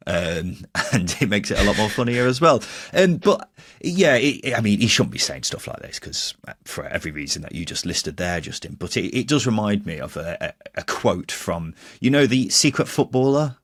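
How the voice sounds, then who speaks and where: Young guy cohosting a football pod, deep voice but bounces around a lot, chatty, laughs a lot. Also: a bit bright, no echo, clean studio sound. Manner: chatty, laughs often, drifts up in pitch when joking. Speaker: podcast co-host. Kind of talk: casual football podcast chat.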